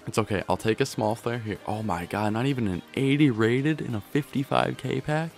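A man streaming a video game pack opening, excitable and trying to keep his voice down at home, swinging from grumbling to yelling. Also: medium pitch, moderate pace, gravelly, faint music behind. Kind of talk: pack-opening gameplay commentary.

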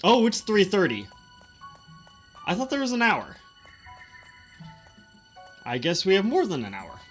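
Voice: medium pitch, huge pitch swings, measured pace, slightly rough, faint music behind. A streamer giving chatty, rambling let's-play commentary and swearing casually.

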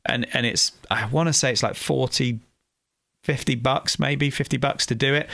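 Gravelly English man, casual and rambling. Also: mid-range voice, steady tone, moderate pace, bright, forceful tone, dry recording, studio quality. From England. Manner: rambling, with many restarts and fillers. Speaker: guest, food truck owner. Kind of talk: casual interview chat.

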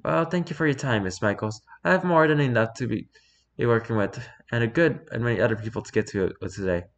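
A man's voice: mid-range voice, quick pace, natural voice. A man voicing a polite, formal woman official in a storybook reading, with a raised voice.

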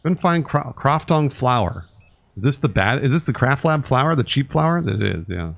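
A man's voice: mid-range voice, very animated, moderate pace, creaky, fairly bright tone. Sarcastic, swearing man streaming a game. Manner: sarcastic, grumbling, swears often; talks to chat and customers. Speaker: streamer playing a store sim. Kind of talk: casual live-stream commentary.

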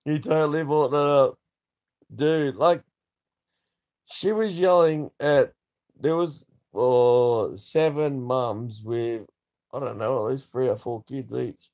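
A man's voice: mid-range voice, takes it slowly, darkish tone. A man in his thirties, chatting casually to camera in a rambling way, swearing freely. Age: 30s. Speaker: vlogger.

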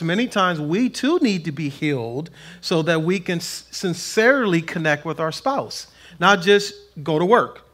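Animated folksy preacher, fairly high voice. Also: male voice. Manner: animated, swings between loud emphasis and soft asides; folksy, plain-spoken. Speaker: pastor. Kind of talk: conversational sermon. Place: church sanctuary.

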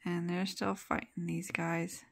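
A woman's voice: fairly low pitch, level tone, unhurried, creaky. A woman casually retelling a comic book's plot as a reviewer, chatting loosely with asides as she flips pages.

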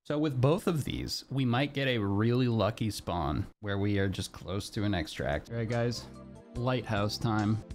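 A young man streaming a game live, talking to his chat in a nervous, excitable way. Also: fairly low pitch, a little slow, soft background music.

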